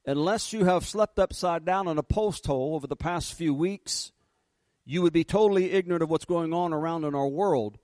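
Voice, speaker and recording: A man's voice: fairly high pitch, darkish tone, dry recording. Fervent male preacher, dry sound. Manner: fervent preaching, slows and rises for emphasis. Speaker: pastor. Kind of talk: sermon.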